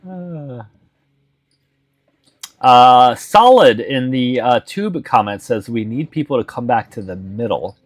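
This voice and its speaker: A man's voice: mid-range voice, animated, slow pace, no echo. A man hosting a casual live stream chat, talking bluntly, teasing his viewers and swearing freely.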